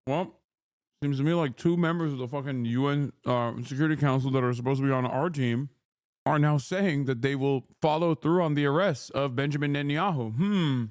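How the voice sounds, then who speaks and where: A man's voice: mid-range voice, fairly quick, darkish tone. A man in his thirties giving casual reaction commentary on a stream, heated and sarcastic, swearing and laughing often.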